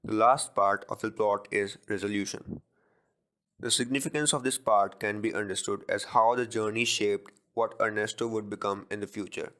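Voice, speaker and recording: A man with a fairly low voice reads his part of a class presentation. He speaks in a measured, formal way, as if reading from his notes. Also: fairly bright tone. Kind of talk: read-aloud class presentation.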